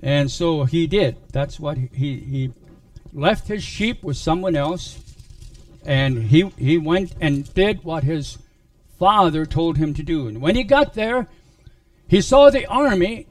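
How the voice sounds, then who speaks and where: A man preaching a sermon, retelling a Bible story in a halting way with many restarts. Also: high-pitched, no room sound, distant mic.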